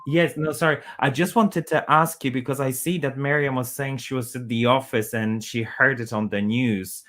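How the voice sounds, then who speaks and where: Man, interview host, mid pitch, conversational, empathetic, halting questions. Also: fairly even intonation, fairly bright tone. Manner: searching, restarts questions, empathetic. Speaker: podcast host.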